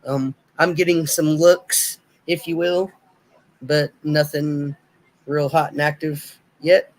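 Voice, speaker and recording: A man's voice: fairly high pitch, flat delivery, slow, low-quality recording. A man hosting a casual livestream from a home setup, hesitant and thinking aloud with many fillers. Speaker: livestream host.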